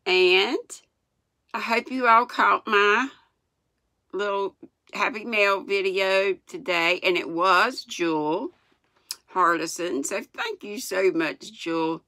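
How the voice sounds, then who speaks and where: A woman's voice: medium pitch, slow pace, bright, forceful tone, no echo, clean studio sound. An older woman with a Southern US accent, from North Carolina, chatting folksily and laughing as she reads a storybook aloud to her viewers. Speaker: channel host reading aloud. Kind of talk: casual storybook read-aloud.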